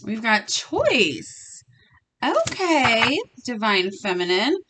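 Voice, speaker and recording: A young woman chatting casually in a tarot reading vlog, blunt and quick to swear, laughing often. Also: a little high, sing-song, background noise. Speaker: tarot reader and vlogger.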